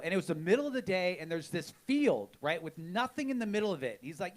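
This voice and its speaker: A man's voice: high-pitched, very animated, fast, few pauses. A man hosting a live podcast, telling stories in a frank, self-mocking way with rambling restarts. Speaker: podcast host. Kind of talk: live storytelling chat. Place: live show before an audience.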